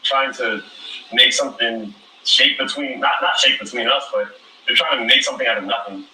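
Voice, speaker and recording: A man answering questions at a reunion, measured and defensive, heard from a distance in an echoey space. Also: mid-range voice, pushed and bright, a little hiss or hum. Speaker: reality show contestant.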